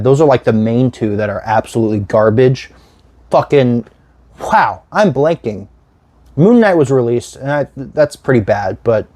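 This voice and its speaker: A young man at a middle pitch talks through his collection in a loose, off-the-cuff way. He rambles, swears freely and keeps losing his train of thought mid-sentence. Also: darkish tone. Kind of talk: casual rambling vlog.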